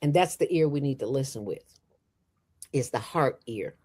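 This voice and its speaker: A middle-aged woman, a former radio host and founder, talking as an interview guest in an animated, emphatic and playful way. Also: a bass voice, breathy edge. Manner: fast talker from years on radio. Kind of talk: casual interview chat.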